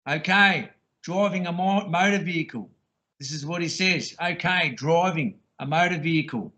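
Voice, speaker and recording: Speaking at a moderate pace in a pushed, bright, higher voice, a caller rambles about being stopped by police. He mocks what the officer said, staying crude and insistent throughout.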